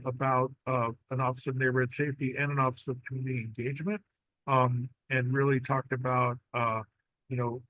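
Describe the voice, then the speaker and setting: A man's voice: mid-range voice, a bit bright, no echo, low-quality recording. A man giving a formal briefing at a public board meeting, hesitant with frequent ums and restarts. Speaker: city executive director of safety.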